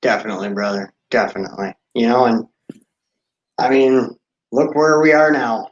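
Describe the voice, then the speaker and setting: A man's voice: mid-range voice, steady tone, moderate pace. Male host, supportive and affirming, roomy lo-fi recording. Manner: supportive, says brother and definitely often. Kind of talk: casual live video chat. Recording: roomy, dull lo-fi sound.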